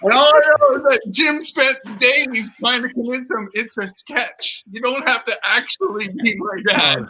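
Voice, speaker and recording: A man's voice: extremely high pitch, normal speed, hardly any pauses, bright, forceful tone, low-quality recording. A man from Canada, a comedy writer guest on a video call, speaking in a wry, offhand way.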